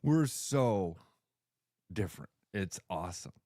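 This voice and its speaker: A man's voice: low voice, animated, slow pace, warm tone, no echo, clean studio sound. A man co-hosting a radio show, chatting casually, telling stories with lots of laughter. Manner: laughs often, tells stories animatedly. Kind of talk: casual sports radio banter.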